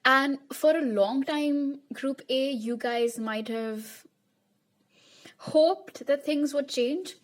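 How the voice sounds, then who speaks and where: Young woman, somewhat high voice, tarot reader, chatty, reassuring, talks to the camera. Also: slow. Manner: chatty, reassuring, addresses viewers directly. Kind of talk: pick-a-card tarot reading to camera.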